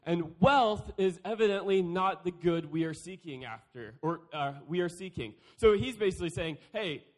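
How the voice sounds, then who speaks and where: A young man delivering a youth sermon with a higher-pitched voice. He keeps it playful, cracking jokes and acting out little quoted exchanges. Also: lively intonation, moderate pace. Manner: playful, joking, acts out quotes. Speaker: youth speaker.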